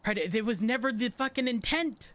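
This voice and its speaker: A man's voice: very high-pitched, expressive, a little fast. A man roleplaying a police officer, talking in a placating, teasing way. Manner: placating, teasing, with soft laughs. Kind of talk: GTA roleplay conversation.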